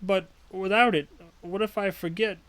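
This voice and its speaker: A man voicing a frail, forgetful old male widower, speaking slowly and haltingly. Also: high voice, steady tone, fairly bright tone, voice pushed up. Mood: wistful. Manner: slow, halting and wistful.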